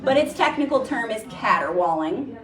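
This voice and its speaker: A woman's voice: on the high side, big pitch swings, moderate pace, noisy background. A woman nature educator giving a chatty, playful talk about birds to a live audience, now and then imitating their calls. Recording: echoey room, distant mic.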